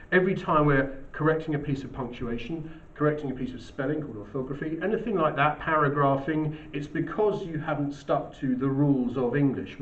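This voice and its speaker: A male teacher giving an English lesson in a measured, explanatory way. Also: mid-range voice. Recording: roomy, distant, dull recording.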